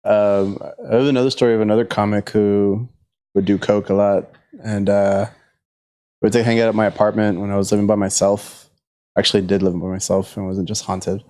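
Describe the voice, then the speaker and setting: A man's voice: fairly low pitch, level tone, a little fast, warm tone. A man telling a long profane story in a casual podcast chat.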